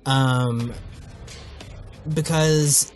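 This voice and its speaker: A man's voice: medium pitch, fairly even intonation, drawn-out words, soft background music. A man hosting a casual video commentary who rambles, swears freely and often cuts himself off mid-thought. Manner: rambling, profane, self-interrupting. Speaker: host.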